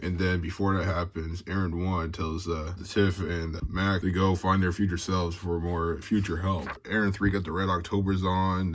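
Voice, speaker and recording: Deep-voiced man casually recapping a comic. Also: slight background noise. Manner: loose, profane, joking recap with quick asides and laughs. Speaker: comic book reviewer.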